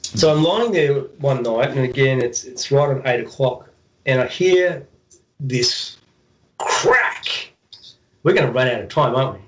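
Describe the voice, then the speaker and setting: A man, a radio guest, telling a story in a casual, animated way, repeating words and acting out the sounds. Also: medium pitch, normal speed, poor audio.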